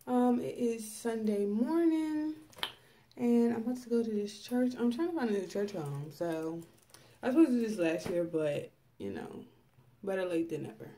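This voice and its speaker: A woman's voice: on the high side, lively intonation, moderate pace, warm tone, a little hiss or hum. Chatty young woman vlogging to camera. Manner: chatty, laughs often, addresses viewers as y'all. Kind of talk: casual vlog chat.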